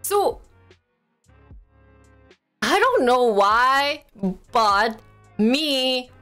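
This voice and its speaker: A woman's voice: high voice, sing-song, very slow, bright, forceful tone, clean tone, faint music behind. A young woman chatting casually on a live stream, rambling and poking fun at herself. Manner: chatty, rambling, self-mocking.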